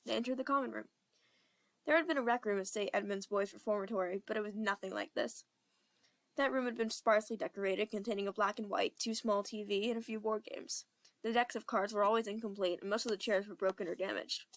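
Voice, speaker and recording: A young woman reads a fan audiobook aloud in a steady, plain storytelling voice. Her amateur narration keeps an even, simple delivery. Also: medium pitch, creaky. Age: young adult.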